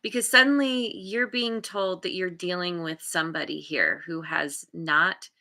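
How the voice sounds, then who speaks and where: Slow, bright-voiced woman reading tarot. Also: lowish voice. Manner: meandering, restarts often while searching for words. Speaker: tarot card reader. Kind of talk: live tarot reading, thinking aloud.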